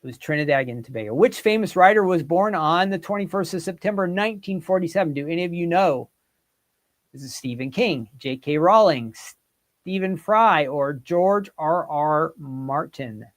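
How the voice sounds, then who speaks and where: Hosting a casual quiz over live chat, a fairly quick-talking man with a somewhat high voice keeps things animated. He pulls in his viewers by reading their guesses and comments aloud.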